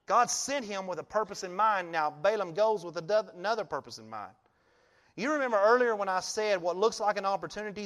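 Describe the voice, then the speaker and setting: A male pastor giving a sermon, telling the story in an animated way and often laughing. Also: high-pitched, in a large hall.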